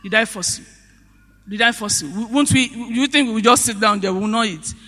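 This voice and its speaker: A man's voice: high voice, a little fast, sharp tone, in a large hall. A man preaching, briefly voicing an eager, defensive male disciple with pleading repetitions in a sermon retelling.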